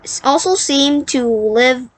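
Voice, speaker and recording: A woman's voice: high voice, a crowd in the background. A woman reading a storybook aloud, stumbling and correcting herself as she goes. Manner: halting, self-correcting read-aloud. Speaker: book reader.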